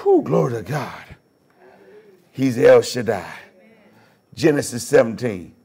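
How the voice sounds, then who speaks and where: A man preaching a sermon in call-and-response style, pushing his voice up into shouts on key lines. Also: medium pitch, animated, slow pace, gravelly, breathy edge. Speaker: pastor.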